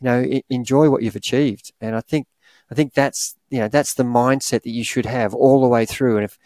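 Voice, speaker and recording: A man's voice: medium pitch, steady tone, brisk, darkish tone, no echo. A middle-aged Australian man, a triathlon coach co-hosting a podcast, giving rambling, encouraging advice with many restarts.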